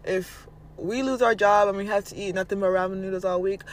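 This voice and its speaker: A man's voice: sits high, fairly even intonation, fairly quick. A man hosting a podcast, giving a blunt, casual spiritual motivational monologue and swearing freely. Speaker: podcast host.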